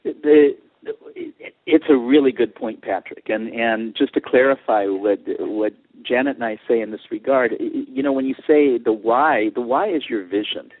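Man, husky, earnest explainer, dry tinny phone sound. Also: medium pitch, moderate pace, no room sound. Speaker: guest, co-author. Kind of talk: phone-in radio interview, explaining.

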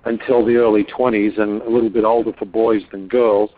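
A man's voice: lowish voice, flat delivery, brisk. A man hosting a radio talk show, asking reflective, probing questions. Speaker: radio host. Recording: tinny phone-line audio.

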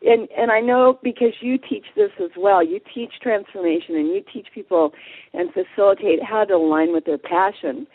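A woman guest in a radio interview, telling a story in a lively way and acting out what people said. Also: mid-range voice, moderate pace, vocal fry, breathy edge, no room sound. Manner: animated storyteller, acts out quotes. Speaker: guest, passion coach. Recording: dry tinny phone line.

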